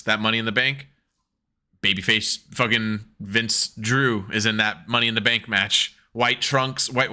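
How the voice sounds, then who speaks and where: Give me an animated man co-hosting a wrestling podcast, bright voice. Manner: animated, swearing, laughing often, acting out quotes in a higher voice. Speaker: podcast co-host. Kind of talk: casual chat. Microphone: headset.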